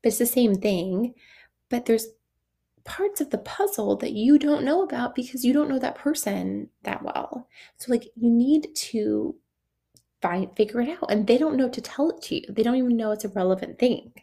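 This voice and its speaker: A young adult woman, an esthetician coach, hosts a solo podcast in a warm, gravelly voice on the high side. Animated and at normal speed, she chats casually, says "like" a lot, laughs often, and acts out dialogue.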